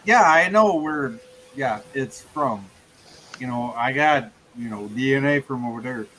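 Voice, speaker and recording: Bright-voiced joking man, live chat. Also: mid-range voice, expressive, a little slow, a little hiss or hum, low-quality recording. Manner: joking, teasing, laughs often. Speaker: show host. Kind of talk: casual chat.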